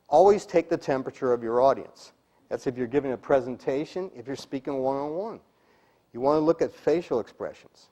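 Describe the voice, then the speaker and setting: A man's voice: mid-range voice, mellow. A middle-aged man giving a speaking-skills seminar to a live group, emphatic and demonstrative, sometimes dropping to a whisper to make a point. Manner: emphatic, demonstrates delivery, drops to a whisper for effect. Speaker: speaking coach.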